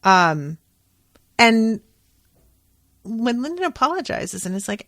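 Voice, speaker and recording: A woman's voice: fairly high pitch, big pitch swings, takes it slowly, pauses often, a bit bright, dry recording, studio quality. A woman hosting a podcast, recapping book chapters in a chatty way, with lots of "like" and "um" and some casual swearing. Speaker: podcast host.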